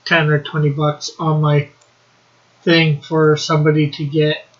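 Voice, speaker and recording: A man's voice: on the high side, completely flat delivery, unhurried, dull audio. A man hosting a casual livestream chat, reading the chat aloud and laughing often. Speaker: livestream host.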